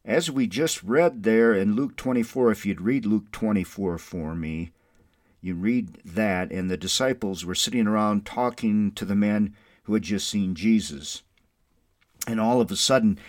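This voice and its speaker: A man preaching an online Easter sermon as a pastor, swinging from soft and mournful passages to loud, jubilant peaks. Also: lowish voice, no room sound, clean studio sound.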